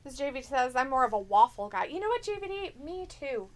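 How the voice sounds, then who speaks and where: A woman's voice: high-pitched, sing-song, a little fast. A woman co-hosting a live stream, chatting casually and reading viewer messages aloud in a teasing, jokey way.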